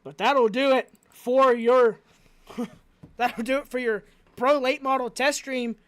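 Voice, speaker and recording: A man announcing a live race with energetic, rapid-fire play-by-play commentary. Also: very high-pitched, clear, resonant tone.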